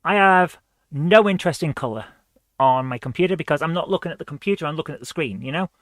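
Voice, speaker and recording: A woman's voice: deep voice, lively intonation, quick pace, dry recording. A woman hosting a live retro gaming stream, reading viewer comments aloud in a chatty, upbeat way and laughing easily.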